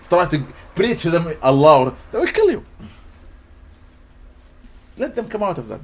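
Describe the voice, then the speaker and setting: A man giving a sermon, reciting Arabic verses and explaining them in English, acting out little dialogues. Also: fairly high pitch. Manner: animated, mixes Quranic Arabic recitation with English teaching, acts out dialogues. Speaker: preacher.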